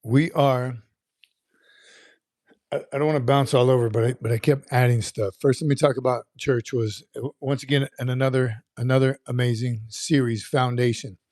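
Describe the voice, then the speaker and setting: A man's voice: mid-range voice, steady tone, normal speed, a little mellow, no echo, studio quality. A man in his fifties hosting a casual livestream, chatting loosely and reading out viewer comments while often repeating his words. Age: 50s. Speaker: livestream host.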